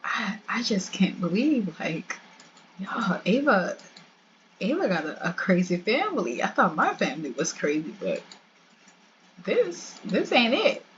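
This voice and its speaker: A woman voicing an exasperated young man, dropping her voice low to play him. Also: big pitch swings, measured pace. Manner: lowered voice, exasperated. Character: shocked young man, the boyfriend. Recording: dull lo-fi with faint hiss.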